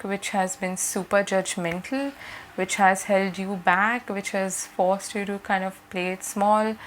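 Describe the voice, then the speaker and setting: A woman giving a gentle, reassuring tarot reading to her viewers, often checking in with "okay?". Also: medium pitch, a little hiss or hum, poor audio. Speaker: tarot reader.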